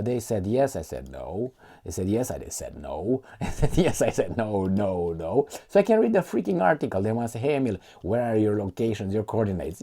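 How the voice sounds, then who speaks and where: A man's voice: lowish voice, warm tone. A man giving casual, profane political commentary, reading articles aloud and mocking them with frequent laughs.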